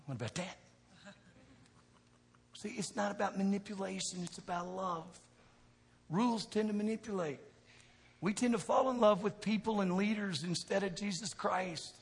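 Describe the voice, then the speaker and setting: Preacher guy, chatty, asks the crowd stuff, gets loud then quiet, slightly high voice, long echo. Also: normal speed, vocal fry, husky. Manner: conversational preaching, asks the crowd questions, swings from soft to shouting. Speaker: pastor. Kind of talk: sermon. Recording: long hall reverb.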